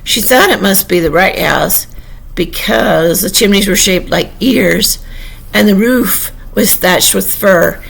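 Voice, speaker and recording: A woman reading a classic children's story aloud at an unhurried pace, now and then correcting a slip. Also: medium pitch, vocal fry, fairly bright tone, husky, low-quality recording. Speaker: narrator.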